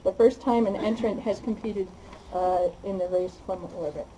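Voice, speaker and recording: Brief: woman host introducing a guest, halting delivery, mellow voice. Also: mid-range voice, steady tone, a little hiss or hum, poor audio. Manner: halting, with frequent fillers. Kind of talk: formal introduction.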